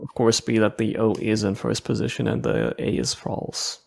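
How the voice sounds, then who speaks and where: A man's voice: fairly low pitch, sing-song, normal speed, gravelly, darkish tone. A man co-hosting a podcast in casual chat, giving short, hesitant replies. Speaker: podcast co-host.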